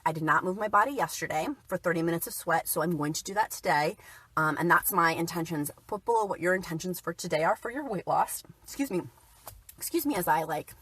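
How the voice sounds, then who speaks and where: A chatty, upbeat woman talks straight to her viewers in a loose, casual livestream manner. Her voice sits fairly low for a woman. The sound is dry and close, with almost no room echo. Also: a bit bright, breathy edge. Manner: chatty, upbeat, reads viewer comments aloud. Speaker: keto vlogger.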